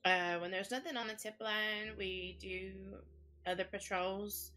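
A woman's voice: mid-range voice, steady tone, unhurried, pushed and bright, faint music behind. A woman roleplaying a ranger in a game, talking casually with many "like"s and "uh"s. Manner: casual, filler-heavy with "like".

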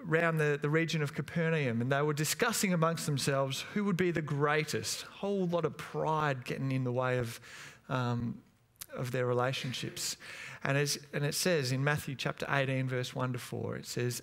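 A man's voice: medium pitch, fairly even intonation, normal speed, fairly bright tone. A man, a pastor giving a sermon in a church, telling family anecdotes in a chatty, hesitant way with many fillers.

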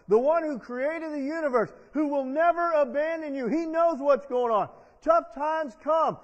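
High-voiced preacher man in a reverberant church. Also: a little slow, few pauses. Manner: call-and-response preaching with the congregation. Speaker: pastor. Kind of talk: sermon. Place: church sanctuary. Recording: dull long-reverb church sound.

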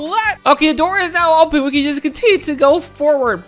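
A woman with a very high, piping voice gives excitable kids' let's-play commentary, shouting often and talking straight to her viewers. Faint game music plays softly behind her. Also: fairly quick, few pauses. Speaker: gameplay commentator.

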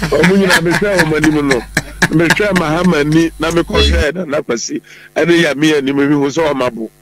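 Emphatic Ghanaian man, slightly high voice. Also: steady tone, normal speed, over a noisy crowd, low-quality recording. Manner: emphatic, argumentative, repeats points, mixes in English words. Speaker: political commentator. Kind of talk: political talk show discussion.

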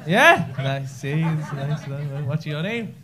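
Crude, teasing comedian doing crowd work. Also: male voice, a little high, expressive, unhurried. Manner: crude, teasing, laughing through his jokes. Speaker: stand-up comedian. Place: comedy club stage. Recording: live club recording with audience laughter and noise. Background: audience laughing.

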